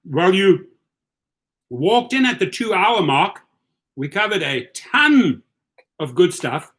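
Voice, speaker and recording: A man's voice: high-pitched, slow pace. Upbeat South African man hosting. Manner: energetic, coaching, repeats himself. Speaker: host. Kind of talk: livestream chat giving advice.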